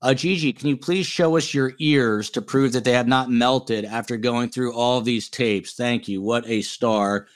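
A man's voice: medium pitch, fairly even intonation, unhurried, hardly any pauses. A man from New Jersey hosting a true-crime podcast in casual chat, reading out viewer comments. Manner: chatty, reads out viewer comments. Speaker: podcast host.

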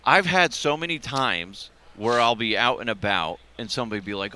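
A man's voice: mid-range voice, lively intonation, normal speed, sharp tone, slight background noise. A man hosting a podcast in casual chat, loose and profane, laughing at his own jokes. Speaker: podcast host. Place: convention radio row.

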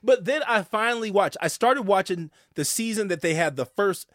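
A man hosts a casual interview chat, asking questions in a playful, excitable manner. His voice is high for a man and swings widely in pitch. The sound is close and dry, with no room echo. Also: normal speed. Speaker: podcast host.

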